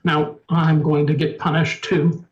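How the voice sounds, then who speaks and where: A man's voice: a little high, little pitch movement, measured pace, far from the mic, highs cut off, pitched below the performer's own voice, natural voice. A man voicing a grumbling male figure in a living painting, whining and near tears. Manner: whining, complaining. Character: grumbling male living portrait, put-upon.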